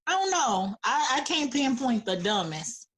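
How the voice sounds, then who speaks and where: A woman and mother chatting on a podcast, giving calm, matter-of-fact parenting advice. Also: high-pitched, unhurried. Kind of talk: casual podcast chat.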